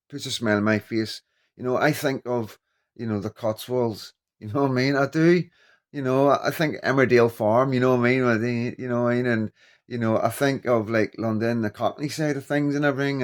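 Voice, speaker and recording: A man vlogging in a rambling casual commentary, halting and full of "you know what I mean". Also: on the low side.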